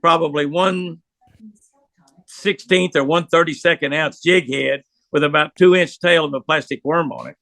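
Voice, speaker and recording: Older man, very gravelly, forceful, folksy rambling storyteller, interview guest. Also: on the high side, fairly even intonation, moderate pace, no echo. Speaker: pro angler guest.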